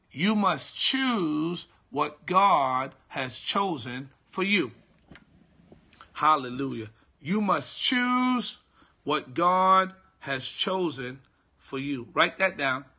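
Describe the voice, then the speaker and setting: Slow, bright-voiced man preaching. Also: fairly high pitch, lively intonation. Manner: slow, repetitive teaching with call-and-response checks; greets viewers by name mid-sentence. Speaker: pastor. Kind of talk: live-streamed devotional teaching.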